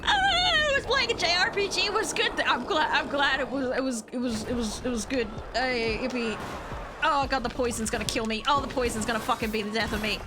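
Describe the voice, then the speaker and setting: A young woman streaming a game, reacting loudly, swearing and talking to her chat, with game music behind her. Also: on the high side, a little fast. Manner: excitable, swears a lot, talks to chat. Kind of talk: live gameplay commentary.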